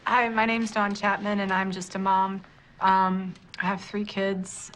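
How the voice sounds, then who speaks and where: A woman, a mother turned activist, speaking tearfully and haltingly. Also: medium pitch, level tone, fairly bright tone. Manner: emotional, halting.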